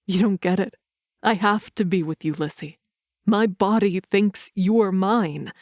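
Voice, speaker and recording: A woman voicing a protective, blunt young male werewolf in an audiobook, speaking a little lower and in an earnest, steady way. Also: unhurried, no echo, studio quality, close to an everyday voice. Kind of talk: audiobook character reading.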